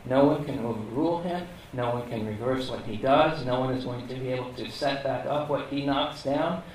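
A man's voice: mid-range voice, moderate pace, slight background noise. A man teaching a Bible lesson in a casual, conversational way, asking rhetorical questions and often checking in with "okay?". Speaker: preacher. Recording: echoey room, mic at a distance.

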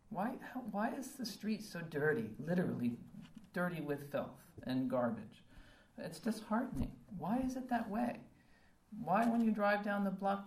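A woman's voice: low voice, darkish tone, slight background noise. A woman preaching a sermon, earnest and full of rhetorical questions, with frequent um fillers. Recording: roomy echo from a distant mic, faint ambience.

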